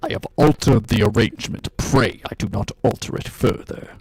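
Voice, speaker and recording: Brief: a man doing a menacing masked dark lord, raspy and gravelly, very dry sound, pitch-shifted audio. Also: moderate pace, no echo. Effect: glitchy pitch-shifted stream audio.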